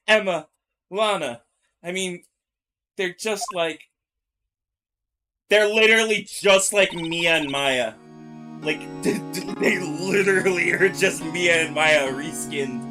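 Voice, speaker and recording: A game streamer doing live let's-play commentary, laughing often and bursting out with loud jokes and reactions. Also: medium pitch, slow pace, faint music behind. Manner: laughing, loud joking outbursts.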